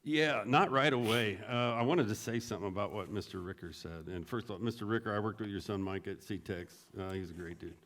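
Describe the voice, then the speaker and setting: A man's voice: lowish voice, brisk, few pauses. A middle-aged man, a veteran, telling stories in a casual way, often laughing and raising his voice to act out what others said. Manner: animated, laughing, acts out quotes in a raised voice. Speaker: veteran guest. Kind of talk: casual storytelling.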